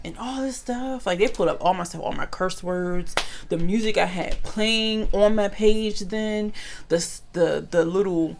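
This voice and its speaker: Woman vlogger in a casual storytime, gravelly fry in her voice, lively and slangy with viewers. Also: mid-range voice, a little slow, a little hiss or hum. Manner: animated, slangy, addresses viewers as y'all.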